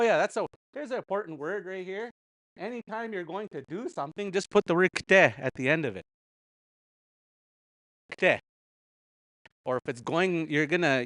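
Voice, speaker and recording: A man's voice: a little high, fairly bright tone, no echo. A man teaching a casual language class, patiently repeating words and chuckling often.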